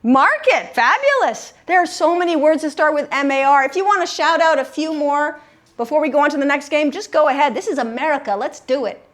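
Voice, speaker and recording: A woman leading a group word game class, upbeat and encouraging, slowing down to stress syllables. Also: high voice, lively intonation, fairly bright tone. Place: room with a live group.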